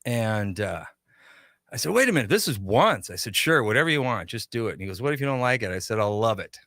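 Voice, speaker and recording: A man on a radio show telling anecdotes and acting out the back-and-forth of old conversations. His voice is bright and forward. The sound is close and dry, like a studio mic. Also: lowish voice, fast, dry recording. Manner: animated anecdotes with quoted dialogue. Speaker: shop owner guest. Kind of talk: casual radio interview storytelling.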